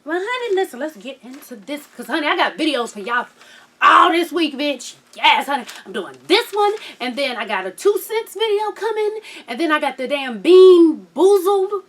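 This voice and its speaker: A woman's voice: sits high, big pitch swings, normal speed, fairly bright tone. A woman in her thirties recapping a reality TV episode in casual, slangy chat, laughing and acting out quotes. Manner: sassy, slangy, laughs often, acts out quotes.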